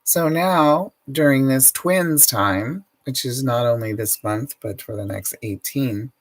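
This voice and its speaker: A middle-aged man, an energy healer, giving a slow, earnest and emotive spiritual self-help talk. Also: mid-range voice, low-quality recording.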